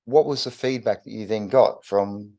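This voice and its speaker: A man co-hosting a podcast, calmly prompting his partner with questions and affirmations. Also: on the low side, normal speed. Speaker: podcast co-host. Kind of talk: casual chat, interviewing.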